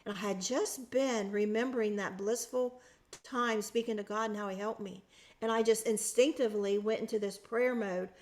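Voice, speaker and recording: A woman's voice: mid-range voice, fairly even intonation, moderate pace. A woman guest on a podcast, recounting a personal experience in an earnest, emotional way with frequent restarts. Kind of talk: personal storytelling in an interview.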